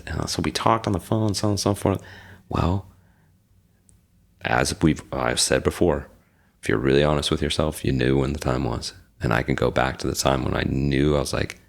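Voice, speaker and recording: A man's voice: very deep voice, moderate pace, gravelly. A man in his forties, a podcast guest, telling a personal story in a casual interview and acting out the other people's lines. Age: 40s. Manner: animated storyteller acting out quoted dialogue. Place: lives in Reno.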